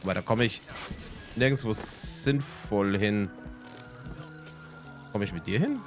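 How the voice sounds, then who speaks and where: A man's voice: lowish voice, slow, faint music behind. A man hosting a let's play, giving laid-back, amused gameplay commentary and laughing often.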